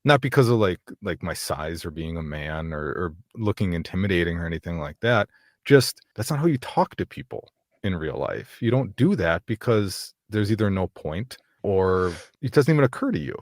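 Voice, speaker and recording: A man talking as a guest on a podcast in casual chat, chatty and animated with quick asides and laughs. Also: deep voice, no room sound, clean studio sound.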